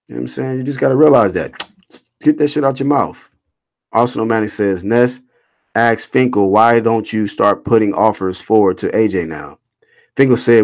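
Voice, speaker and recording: This host speaks in a mid-range voice with vocal fry. Running a laid-back boxing stream, he reads viewers' messages aloud and answers each one bluntly and animatedly, with plenty of slang and cursing.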